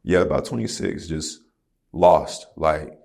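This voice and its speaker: A man's voice: extremely low pitch, slow, creaky, a little mellow. A man in his thirties, a podcast guest, telling a personal story in casual, candid talk full of slang and swearing. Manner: candid, profane storytelling with slang like "bro" and "you feel me". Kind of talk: casual conversation.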